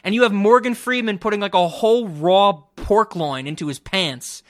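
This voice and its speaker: A young man hosting a casual podcast, giving a blunt, profane, animated review of a film. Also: sits high, normal speed, dry recording, clean studio sound. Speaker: podcast host. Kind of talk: casual chat.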